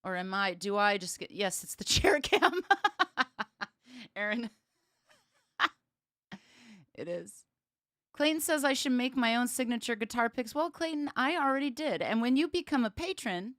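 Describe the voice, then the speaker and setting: A woman's voice: fairly high pitch, expressive, unhurried, pauses often, fairly bright tone, no room sound, studio quality. Bubbly woman chatting on a livestream. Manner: chatty and bubbly, laughs often. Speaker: bass player and livestream host. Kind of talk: casual livestream chat. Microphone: streaming setup with cameras.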